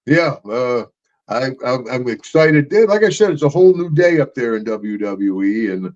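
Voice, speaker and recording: Rowdy guy telling stories and laughing, mid pitch voice, kinda muffled lo-fi audio. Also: very animated, moderate pace, a little mellow. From Louisiana, USA. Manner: boisterous, laughs often, acts out voices in stories. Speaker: podcast co-host, retired wrestler. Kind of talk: casual storytelling chat. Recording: dull lo-fi sound.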